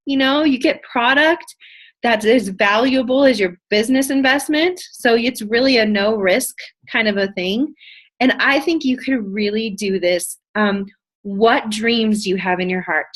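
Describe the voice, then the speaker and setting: A young woman coaching her audience with bubbly, eager energy, her voice sitting a little high. She keeps slipping into quick acted-out snippets of conversation as she teaches. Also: a bit bright. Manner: bubbly, enthusiastic, acts out conversations. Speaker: network marketing trainer. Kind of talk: motivational training talk.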